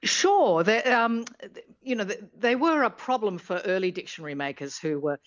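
A woman's voice: medium pitch, animated, normal speed, dry recording, muffled recording. A woman professor, explaining things on radio in a thoughtful, chatty way with plenty of ums and restarts. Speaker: linguistics professor, guest.

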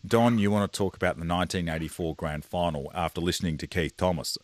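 A man's voice: sits low, steady tone, fast, no echo. An Australian man around forty hosting live talkback radio in an easygoing, chatty way. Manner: easygoing, chatty, laughs along with callers. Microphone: studio microphone.

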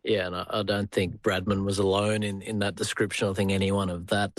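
A man's voice: sits low, level tone, brisk, dry recording, clean studio sound. An Australian man co-hosting a podcast with a teasing, jovial manner. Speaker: podcast co-host. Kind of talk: casual chat.

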